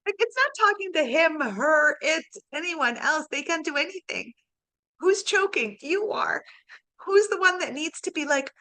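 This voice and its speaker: In a one-to-one coaching session, this woman voices her client's inner dialogue and laughs frequently. Her voice is very high-pitched, expressive and sharp, moving a little slowly.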